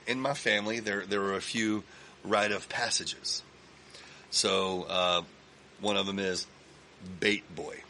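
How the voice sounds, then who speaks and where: A man's voice: on the low side, slight background noise. A man from Texas, a podcast guest in a recording studio, telling long stories in a casual, profane way full of fillers and restarts. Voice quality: profane, animated storyteller with lots of fillers. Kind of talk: casual storytelling chat.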